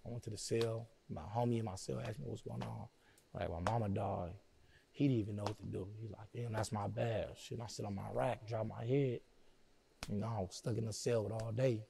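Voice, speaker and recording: A middle-aged man, an interview guest, telling a personal story slowly and quietly, often saying "you know what I'm saying". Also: lowish voice, steady tone, vocal fry, a little hiss or hum.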